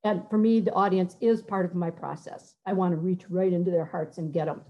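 A woman's voice: fairly low pitch, steady tone. Woman, middle-aged, composer on a muffled call; stop-start delivery, sings brief examples. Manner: halting, searching for words, sings short phrases to demonstrate. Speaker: composer giving a talk. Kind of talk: conversational talk with many fillers and restarts.

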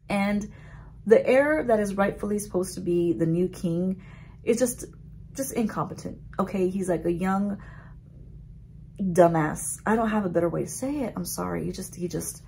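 A woman beauty vlogger recapping a story in a chatty, animated way, with casual swearing. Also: on the low side, gravelly, a little hiss or hum.

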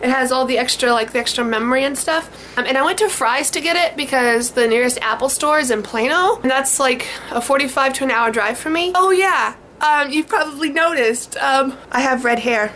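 Bubbly high-voiced young woman vlogging. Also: fairly quick, few pauses, a little hiss or hum. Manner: bubbly, excited, chatty with fillers. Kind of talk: casual vlog chat. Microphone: camcorder.

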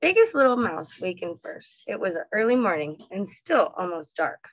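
A woman teacher reads a picture book aloud to young children, gentle and expressive. Her voice sits at a medium pitch, and the recording sounds slightly dull and lo-fi. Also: normal speed.

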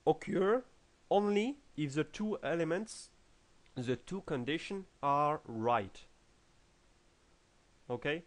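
Slow, halting French-accented man teaching. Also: fairly high pitch, lively intonation. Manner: halting, many fillers and restarts. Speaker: programming tutor. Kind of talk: screen-recorded coding tutorial.

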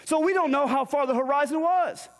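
A man's voice: very high-pitched, brisk. A man preaching a sermon in a church, telling a scripture story and acting out the characters' lines. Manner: storytelling, acts out the dialogue in scripture. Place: church sanctuary. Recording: long hall reverb.

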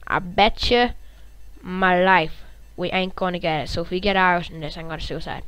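A woman hosting a gaming channel, giving live gameplay commentary in an excitable, reactive way, cursing and humming little tunes. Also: lowish voice, normal speed, smooth, rough recording.

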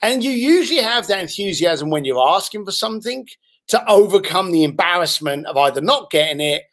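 A man's voice: high voice, lively intonation, fairly quick, a bit bright. A man, a podcast guest, telling anecdotes with animation and acting out the voices of the people in them. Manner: acts out other people's voices while telling stories.

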